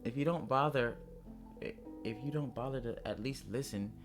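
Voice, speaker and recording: A man voicing a lively young schoolgirl in a game, in a raised, girlish voice. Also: mid-range voice, normal speed, over music, lightly acted. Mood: earnest.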